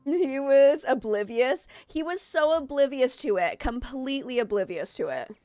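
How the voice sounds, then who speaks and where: A woman's voice: high-pitched, lively intonation, normal speed, warm tone, no room sound. A woman streaming a game, chatting in a rambling way that jumps between topics, a little out of breath. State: slightly out of breath. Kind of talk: casual chat while streaming a game. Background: faint game music.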